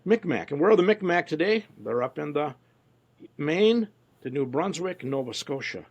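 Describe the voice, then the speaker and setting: A man with a gravelly, husky voice and a fairly high pitch, answering an interviewer's questions at length. He tells stories and slips into quotes from people he met along the way. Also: lively intonation, normal speed, muffled recording. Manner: storytelling, quoting others in voices. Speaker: interview guest, researcher. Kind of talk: casual conversational interview.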